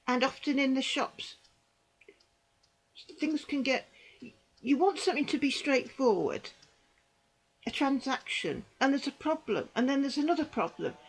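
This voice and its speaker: A woman's voice: sits high, animated, measured pace, long pauses, poor audio. An older woman, talking earnestly into her camera and rambling with frequent restarts, sounding unwell. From United Kingdom. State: unwell and in pain. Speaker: vlogger, former psychiatric nurse. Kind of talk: personal commentary monologue.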